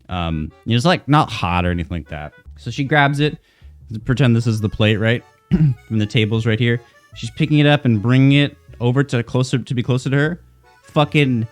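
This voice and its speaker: A young man streamer rambling through a funny story, animated and cursing freely, full of restarts. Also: lowish voice. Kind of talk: casual storytelling.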